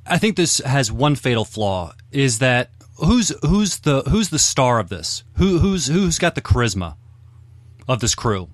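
Casting: man with a very lively pitch, teasing tone, dry sound. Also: measured pace, no echo. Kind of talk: casual TV review chat.

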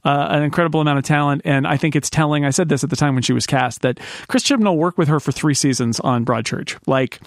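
A man's voice: a little high, fast talker, hardly any pauses, no room sound. Enthusiastic male podcast host, dry sound. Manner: talkative, enthusiastic, frequent fillers. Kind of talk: casual chat.

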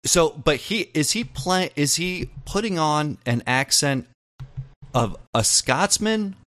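A man's voice: on the high side, takes it slowly, no echo. A man co-hosting a podcast, casually chatting and eagerly asking questions. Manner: animated, probing questions. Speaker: podcast co-host. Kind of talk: casual chat.

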